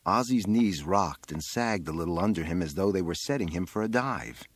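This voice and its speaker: Brief: male audiobook reader, low voice with a wide, dramatic pitch range, dry studio sound. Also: moderate pace, slightly rough, no room sound. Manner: expressive, dramatic phrasing. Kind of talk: literary audiobook narration.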